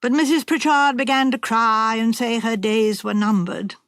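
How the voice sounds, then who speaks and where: A woman narrates a mystery audiobook from a script, her storytelling measured and even. Her pitch is fairly high, and the studio-quality recording has no echo.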